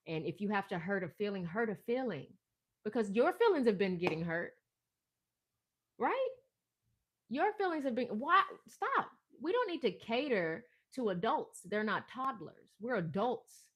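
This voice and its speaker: Give me a woman with a fairly low voice giving a rambling, passionate spiritual pep talk that swings between soft and loud. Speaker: spiritual live-stream host.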